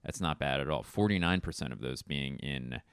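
A man's voice: a bass voice, moderate pace, gravelly, a bit bright, clean tone, no room sound, studio quality. A man hosting a casual solo podcast, rambling and joking with plenty of swearing. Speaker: podcast host.

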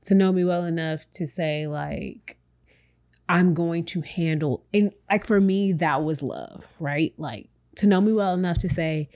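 A woman with a slightly low voice talking openly on a podcast. She rambles in a relaxed, reflective way, full of fillers, and speaks right to her listeners as if they were friends. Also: a little slow, dull audio. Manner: speaks directly to listeners as "y'all". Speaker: podcast co-host. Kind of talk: casual chat.

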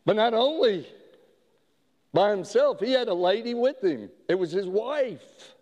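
A pastor tells a story from the pulpit, and his speech is slow and unhurried with many halting restarts. His voice sits a little high for a man. The sound rings with the long reverb of a large hall. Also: expressive, a little mellow, dull audio. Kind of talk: sermon storytelling.

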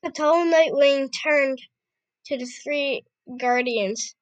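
A woman reading a novel aloud, halting and stumbling over words and rereading them. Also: high-pitched, no echo, low-quality recording. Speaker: amateur reader.

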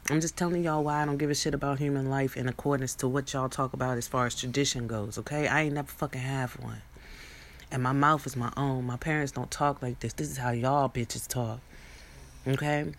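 A woman's voice: very deep voice, steady tone, fairly quick, a little hiss or hum. A young woman in a rambling, profane monologue, preaching at her viewers with many restarts and asides. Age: young adult.

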